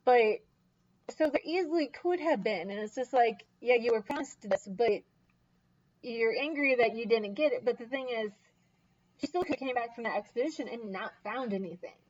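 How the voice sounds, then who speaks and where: Animated high-pitched woman chatting about a book. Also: moderate pace. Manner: animated, acts out quoted characters, frequent laughs. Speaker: book discussion co-host. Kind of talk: casual book chat. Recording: dull lo-fi recording.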